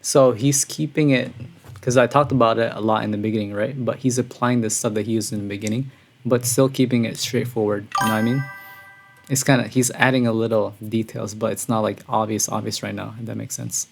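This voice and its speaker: A man streaming a music reaction, talking casually and excitedly, breathless and calling his viewers "bro". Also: lowish voice, brisk, vocal fry. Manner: excitable, says "bro" often, gushing. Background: song playing quietly.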